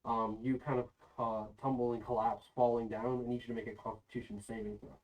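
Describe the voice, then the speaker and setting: A man narrating a tabletop game as its game master, his voice mid-pitched and set a little back from the microphone. He tells the action in a loose, casual way, full of ums and "kind of". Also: level tone, a little fast, noisy background. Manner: loose, filler-heavy narration. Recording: voice a bit far from the mic.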